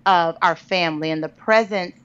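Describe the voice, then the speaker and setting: A woman author, a podcast guest, telling a personal story in an animated, conversational way and calling listeners "girl". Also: fairly low pitch, normal speed, smooth. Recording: dull lo-fi podcast audio.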